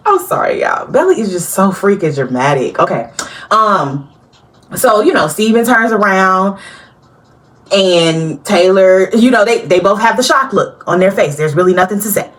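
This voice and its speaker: Animated woman chatting through a show recap. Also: mid-range voice. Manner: animated, chatty, addresses viewers directly, laughs often. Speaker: TV recap host.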